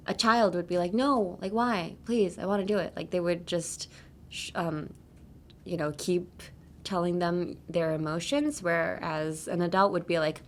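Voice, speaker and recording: A woman with a fairly low voice talks through a language lesson as a podcast host. Her delivery is relaxed and chatty, full of "like" and "um". She switches between English and Japanese as she explains. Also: a little hiss or hum. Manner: chatty, explains phrases with many "like" and "um" fillers. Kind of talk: casual teaching chat.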